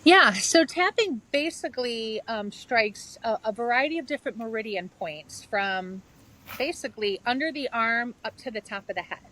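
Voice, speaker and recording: A woman's voice: on the high side, lively intonation, normal speed, sharp tone, low-quality recording. Woman guest explaining a practice earnestly. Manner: earnest, explains step by step with examples. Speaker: guest author and yoga therapist. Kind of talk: conversational interview.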